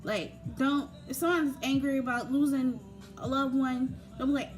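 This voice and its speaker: Her voice sits high, and she speaks a little slowly with frequent pauses. This young grief talk presenter gives conversational, filler-heavy advice over soft background music.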